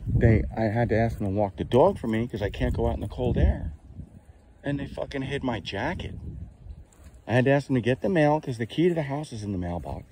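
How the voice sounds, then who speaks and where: A man's voice: medium pitch, darkish tone, slight background noise, poor audio. A man filming his damaged belongings outdoors on a rainy night with a handheld phone, ranting in an angry, exasperated voice and swearing constantly. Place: outdoors at home at night in the rain.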